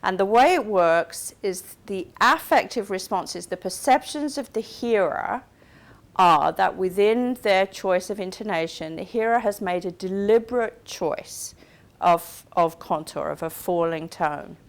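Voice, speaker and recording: A woman's voice: mid-range voice, a little slow. A woman giving a recorded university lecture, explaining step by step and checking in with her listeners. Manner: explains carefully, checks in with "okay?" and "right?".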